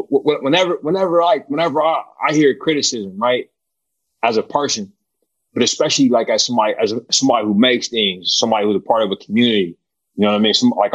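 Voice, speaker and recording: Halting, thoughtful man guest. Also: mid-range voice, muffled recording. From Oakland. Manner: halting, repeats words, keeps saying "you know what I mean". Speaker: film director, guest. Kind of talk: casual interview answer.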